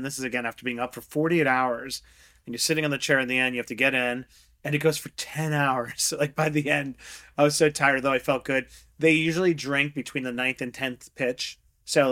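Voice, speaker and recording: A middle-aged man, a guest investor, chatting in an interview, telling lively stories and acting out quotes with frequent laughs. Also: mid-range voice. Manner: animated storyteller, acts out quotes, laughs often. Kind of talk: casual interview chat.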